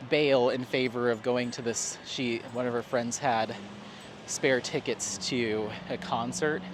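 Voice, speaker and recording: A chatty man from Colorado talks his way through an evening dog walk, rambling from one thing to the next and laughing easily. His voice sits at an ordinary middle pitch. Clear traffic and town noise carry behind him outdoors. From Colorado, USA. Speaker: craft vlogger. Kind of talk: casual chat while walking the dog. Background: traffic and town ambience.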